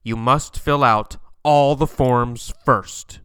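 A man voicing a strict female hospital nurse, firm and slowly spoken. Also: medium pitch, fairly bright tone, clear, resonant tone, no echo.

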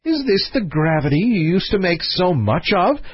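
A man's voice: high voice, big pitch swings, normal speed, breathy edge, no echo, lo-fi sound, voice pushed up, full character voice. A man voicing a peevish young princess who complains in a raised voice. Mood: complaining.

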